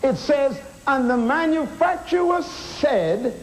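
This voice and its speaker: Man preaching, slow and deliberate, emphatic, rhetorical questions, rallying the crowd, faint hum behind. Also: very high voice, very animated, low-quality recording. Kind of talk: sermon. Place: auditorium.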